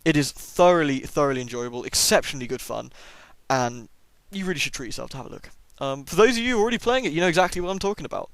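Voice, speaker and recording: A man's voice: a little high, lively intonation, fast talker, no room sound. A man who has a cold, chatting enthusiastically through a casual first-impressions game review with plenty of ums. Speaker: gaming YouTuber.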